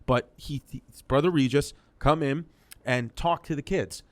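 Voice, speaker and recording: A man in his thirties tells stories as a comedian guest in a relaxed interview. His voice sits in an ordinary middle pitch. He talks animatedly, tripping over and repeating words as he goes. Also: a little slow. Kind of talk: casual interview storytelling.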